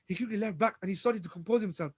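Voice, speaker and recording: Racing along in a high, husky voice with no room sound, a man gives an Islamic storytelling lecture. He dramatizes the events, voices the dialogue, and keeps restarting and repeating words.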